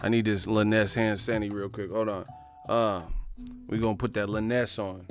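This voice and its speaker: A man's voice: lowish voice, level tone, a little fast, faint music behind. A man from the Bay Area hosting a livestream, riffing in casual, profane slang. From San Francisco Bay Area. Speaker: livestream host.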